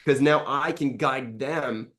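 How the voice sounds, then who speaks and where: A middle-aged man giving a frank interview testimonial as a coaching client, animated, swearing freely and acting out past conversations. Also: medium pitch, takes it slowly.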